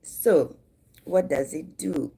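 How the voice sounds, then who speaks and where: A Ghanaian woman in her forties talks slowly on a casual livestream, breaking off to greet viewers by name. Her voice is gravelly and mellow. She chats in an easy, unhurried way. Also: low-pitched. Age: 40s. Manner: chatty, greets viewers mid-talk. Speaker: livestream host.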